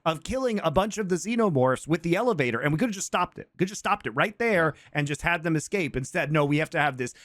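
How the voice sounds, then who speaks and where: A man's voice: on the high side, expressive, fast talker, few pauses, a bit bright, no room sound, studio quality. A man co-hosting a podcast, making a casual argument about a movie and laughing easily. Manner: laughs easily, builds argued points. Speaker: podcast co-host. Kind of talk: casual movie review chat.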